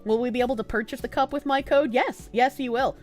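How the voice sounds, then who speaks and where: A young woman streamer with a stuffy nose, chatting casually and softly with her chat, giggling and swearing freely. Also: on the high side, fairly even intonation, fast, faint music behind. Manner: soft-spoken, not loud, giggly, swears casually. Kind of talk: casual live-stream chat, reading chat messages aloud.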